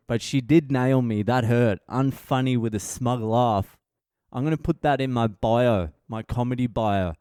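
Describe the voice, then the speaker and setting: A man's voice: medium pitch, dark tone, smooth, no echo, clean studio sound. A man hosting a comedy podcast in a casual, profane, self-mocking monologue, acting out what others said. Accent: Australian.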